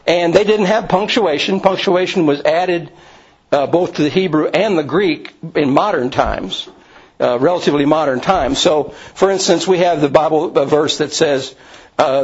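Man teaching bible class, slightly high voice, husky, rambling with restarts, dull lo-fi recording. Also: moderate pace. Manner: rambling, many restarts and asides. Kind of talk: Bible study lecture.

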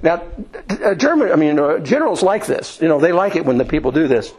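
Brief: male preacher, slightly higher voice, homespun storyteller, halting restarts, sermon delivery. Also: sing-song, darkish tone, slightly rough, low-quality recording. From Indiana, USA. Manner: folksy storytelling with many restarts and fillers.

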